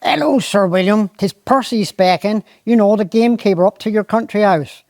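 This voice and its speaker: A simple old gamekeeper with a broad Cornish accent breaks bad news in a halting, roundabout way, as a storyteller puts him on. His voice sits a little above the teller's own. The recording is dry and close. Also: sits high, a little mellow, dry recording, voice pushed up. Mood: hesitant. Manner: hesitant, roundabout, drawn-out dialect speech. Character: slow-witted, apologetic old Cornish gamekeeper.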